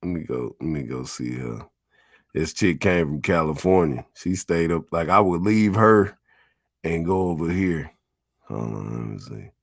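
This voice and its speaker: A man's voice: very deep voice, vocal fry, no room sound, studio quality. A middle-aged man casually reminiscing as he tours his old neighborhood, talking in profane, laid-back street slang. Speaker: vlogger.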